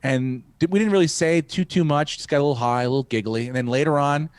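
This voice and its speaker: A man's voice: a little high, fast, clear, resonant tone, no echo. A man hosting a podcast who rambles through a profane story and acts out the quotes. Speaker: podcast host, comedian. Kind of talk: casual storytelling.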